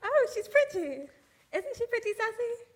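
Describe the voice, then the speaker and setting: A woman's voice: extremely high pitch, very animated, moderate pace. A young woman playing a giggly lady. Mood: polite. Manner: giggly, overly polite. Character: giddy English woman, Gwendolyn Pigeon, emotional. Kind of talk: stage play scene.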